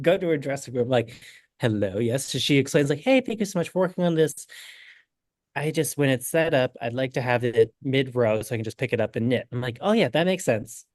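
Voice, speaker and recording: A young adult man, a knitting designer telling an animated story in a casual interview, acting out the quotes. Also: medium pitch, dry recording, clean studio sound. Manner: animated, acts out quotes with lots of "I'm like".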